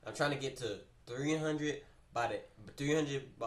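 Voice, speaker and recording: A man on a livestream telling a story in a casual, animated, slangy way, often repeating his phrases, recorded in a roomy space away from the mic. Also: mid-range voice, unhurried, far from the mic. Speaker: streamer.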